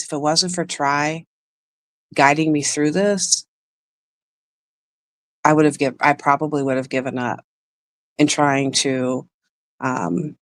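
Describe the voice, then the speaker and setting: A woman's voice: low-pitched, dry recording. A woman hosting a livestream, telling a personal story in a rambling, emotional way and breaking off to greet chat viewers. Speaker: livestream host.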